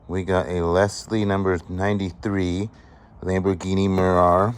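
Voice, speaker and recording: A man vlogging as he sorts a storage unit find, chatting excitedly and appraising each item aloud. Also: sits low, a little slow, a little hiss or hum. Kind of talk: casual show-and-tell commentary.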